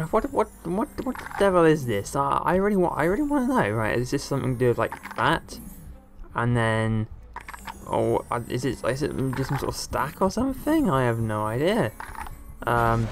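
A man giving casual, excitable let's-play commentary with a joking tone, often addressing viewers as guys. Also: mid-range voice, a little hiss or hum. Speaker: gameplay commentator.

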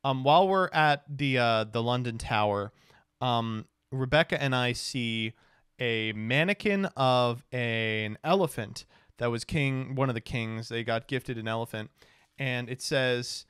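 A man's voice: medium pitch, measured pace, fairly bright tone, smooth, no room sound, clean studio sound. A man in his twenties, a law student, telling a rambling, joking, profane travel story. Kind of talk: casual storytelling recap.

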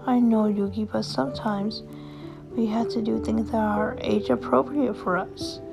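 A woman voicing a gentle young mother who coaxes and soothes her child. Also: a little high, fairly even intonation, measured pace, creaky, low-quality recording. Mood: soothing. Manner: soothing, coaxing. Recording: music playing behind.

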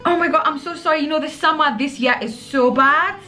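A woman's voice: high voice, a little fast, sharp tone, soft background music, voice pushed up. A Kenyan woman putting on a gushing posh expat. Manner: gushing, exaggerated, breathy exclamations.

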